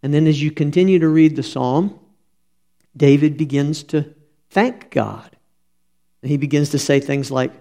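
Gravelly-voiced man preaching a sermon. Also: on the high side, fairly even intonation, unhurried, long pauses, warm tone. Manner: reads scripture, then explains it in an earnest, conversational way. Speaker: pastor.

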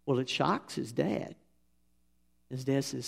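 A man's voice: medium pitch, slow pace, vocal fry. A middle-aged man preaching a sermon, telling folksy stories with fillers and restarts. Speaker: pastor. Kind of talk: sermon with anecdotes.

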